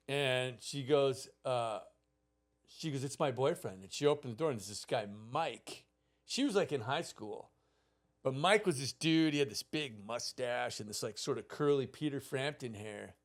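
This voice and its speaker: A man's voice: mid-range voice, lively intonation, normal speed. A man in his fifties, a podcast host, telling a childhood story in casual, profane chat and acting out the people in it.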